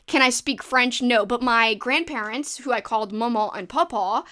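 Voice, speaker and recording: A woman's voice: a little high, bright, forceful tone. A woman with a New Orleans accent, hosting a casual livestream and chatting while reading viewer comments. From New Orleans, Louisiana. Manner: chatty, rambling, quick asides. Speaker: livestream host.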